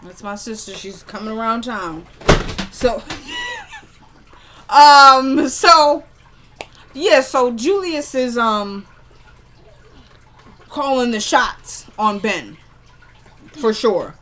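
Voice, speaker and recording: A woman's voice: fairly high pitch, very animated, slow pace, long pauses, a bit bright, slight background noise. A woman chatting casually as she recaps a TV episode, retelling scenes line by line with lots of "like" and "he goes.".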